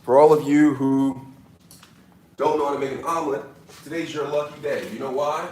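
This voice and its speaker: A man's voice: medium pitch, fairly even intonation, moderate pace, darkish tone. A man doing a casual cooking demo in his kitchen, hamming it up with mock-serious tips and repeated catchphrases. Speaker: cooking vlogger. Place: home kitchen.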